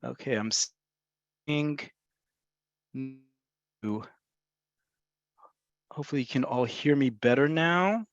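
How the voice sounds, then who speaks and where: A man's voice: medium pitch, expressive, slow pace, long pauses, no echo. Guy teaching slang on a video call, keeps repeating stuff, sound kinda muffled and dry. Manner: explanatory, repeats points, addresses folks. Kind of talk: webinar lesson. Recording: muffled webinar audio, cutting in and out.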